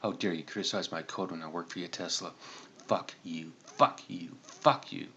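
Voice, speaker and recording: A man's voice: deep voice, fairly even intonation, normal speed, pushed and bright, dull audio, a little hiss or hum. A man voicing a seething male hacker who swears and rants at a screen. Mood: furious ranting. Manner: swearing, ranting.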